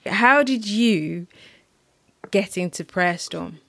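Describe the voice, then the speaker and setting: A woman interviewing a guest, mostly giving soft, affirming murmurs of agreement. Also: mid-range voice, animated, takes it slowly, gravelly, slight background noise. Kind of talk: interview, brief backchannel replies.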